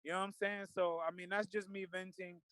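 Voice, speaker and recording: A man's voice: high-pitched, little pitch movement, brisk, bright, forceful tone, clear, resonant tone, no room sound, poor audio. A man speaking earnestly and with feeling in a casual discussion, with many fillers and restarts. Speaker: guest.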